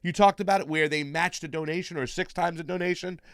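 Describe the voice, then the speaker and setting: A man's voice: a little high, steady tone, quick pace, dry recording, clean studio sound. Chatty man hosting a live stream. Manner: chatty, reads viewer shout-outs. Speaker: political show host. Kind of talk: casual live-stream chat.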